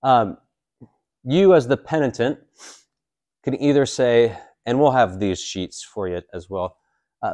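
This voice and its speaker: A man's voice: mid-range voice, unhurried, long pauses, darkish tone, dry recording. A man in his forties, a priest, teaching a catechism class in a casual, joking way with many fillers. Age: 40s.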